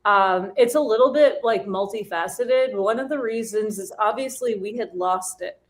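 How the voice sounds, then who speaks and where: Woman guest on a stream call, lots of um and like, laughs a lot, mid pitch. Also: moderate pace. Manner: giggly, animated, filler-heavy. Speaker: special guest. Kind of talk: casual livestream chat.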